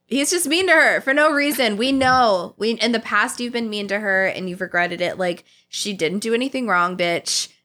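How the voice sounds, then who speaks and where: A woman's voice: mid-range voice, normal speed, hardly any pauses, sharp tone. A woman co-hosting a casual podcast, blunt, swearing casually and laughing often.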